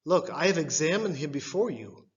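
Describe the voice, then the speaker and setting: A man reading the part of a stern, weary Roman governor in a church scripture reading, his delivery measured and questioning. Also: a little high, big pitch swings, long reverb tail, muffled recording. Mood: insistent.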